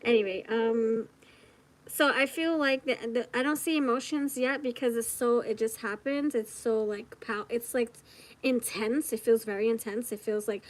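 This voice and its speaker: A woman's voice: on the high side, fairly even intonation, normal speed, low-quality recording. Giggly, chatty woman tarot reader. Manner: chatty, giggly, thinks out loud. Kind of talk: casual tarot reading to the viewer.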